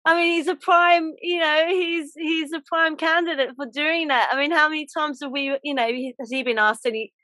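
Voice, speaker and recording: Chatty woman, higher voice. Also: steady tone, normal speed, few pauses, pushed and bright, no room sound. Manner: chatty, ends points with tag questions. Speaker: host. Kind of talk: casual chat.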